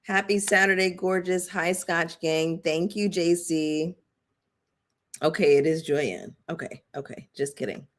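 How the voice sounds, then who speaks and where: A woman hosting a casual live-chat commentary stream, chatting loosely with frequent fillers, shout-outs and asides to viewers. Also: fairly low pitch, a little slow. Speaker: YouTube commentary host.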